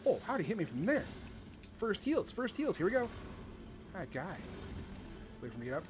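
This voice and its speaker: A man giving playful, excited commentary while playing a video game with his son, exclaiming often. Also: sits high, normal speed, soft background music. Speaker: gaming video host.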